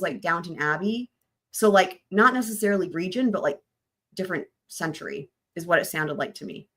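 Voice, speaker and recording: A woman's voice: medium pitch, a bit bright. A woman hosting a true crime live stream, chatting loosely with her viewers in a rambling, casual way.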